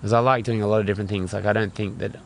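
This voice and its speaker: Low gravelly man. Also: fairly even intonation, racing, a little hiss or hum. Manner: rambling, candid, many fillers. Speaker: guest. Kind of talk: casual interview talk.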